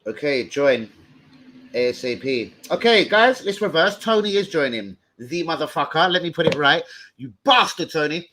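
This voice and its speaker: A man hosting a football fan livestream, talking in an excitable, sweary, rambling way. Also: a little high, normal speed, a little hiss or hum. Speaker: host of a football fan show. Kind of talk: casual livestream chat.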